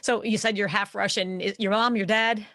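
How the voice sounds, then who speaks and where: Brief: female podcast host, measured and reflective, dry close mic. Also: mid-range voice, steady tone, fairly bright tone, no room sound. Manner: thoughtful, measured, with filler "uh"s. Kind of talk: interview podcast hosting.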